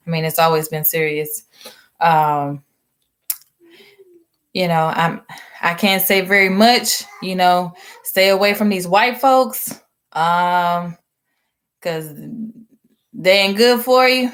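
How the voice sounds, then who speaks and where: A woman speaking briefly as a guest, hesitant and unprepared, pausing on fillers between short phrases. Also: fairly low pitch, a bit bright. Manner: hesitant, with frequent pauses and fillers. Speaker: guest of the host.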